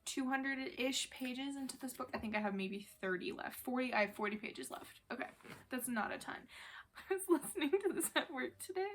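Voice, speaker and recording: A woman's voice: high voice, animated, fairly quick, fairly bright tone, slight background noise. A young woman vlogging a casual book review, chatty and full of fillers, with exasperated amusement.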